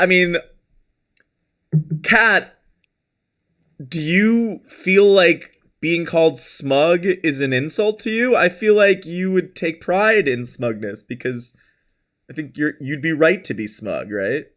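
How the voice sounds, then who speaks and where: Rambling, laughing stream host. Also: male voice, a little high, lively intonation, slow pace, a bit bright. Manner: rambling, self-deprecating, laughs often; reads out chat names and thanks followers. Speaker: livestream host. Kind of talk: casual live-stream chat.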